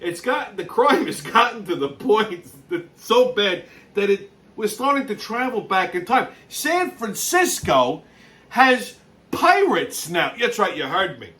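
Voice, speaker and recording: Male host, foul-mouthed ranter, high and bright voice, exasperated. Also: animated, normal speed, hardly any pauses. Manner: loud, exasperated, swearing constantly, laughing at the news. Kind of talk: profane rant-style commentary.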